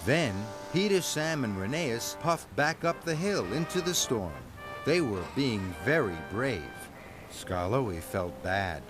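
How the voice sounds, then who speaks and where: A man narrates a children's story at a slow, unhurried pace. His pitch rises and falls in a lively, sing-song way as he reads. Music plays clearly behind him.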